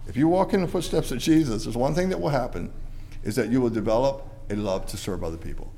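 A man preaches a fast sermon to his church congregation, climbing to loud, emphatic peaks and then falling to quiet, low endings. There is slight background noise.

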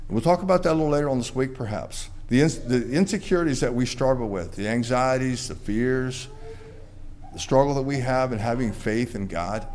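A man delivers a sermon to a church congregation, his voice rising to loud, forceful peaks before dropping to quiet, low endings.

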